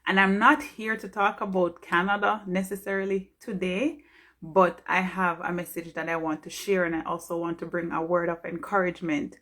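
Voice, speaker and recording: A woman's voice: on the low side, little pitch movement, normal speed, fairly bright tone. A woman from Jamaica, a pharmacist giving an earnest, heartfelt motivational talk on a live stream.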